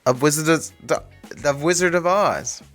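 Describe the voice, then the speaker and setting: A man's voice: on the high side, fairly bright tone, soft background music. A man co-hosting a comedy movie podcast, bantering and laughing along. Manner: quick to laugh, playful agreeing banter. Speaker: podcast co-host. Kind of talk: casual comedy podcast chat.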